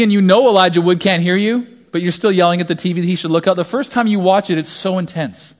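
A man in his thirties preaching a sermon, telling stories animatedly and swinging between hushed asides and loud shouts. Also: high voice, fast talker, few pauses. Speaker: pastor.

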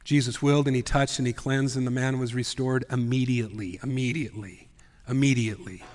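A man preaching a sermon, swinging from full voice down to hushed whispers. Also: medium pitch, steady tone, fairly quick, big-room sound. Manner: dramatic, drops often to a whisper. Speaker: pastor. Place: church sanctuary.

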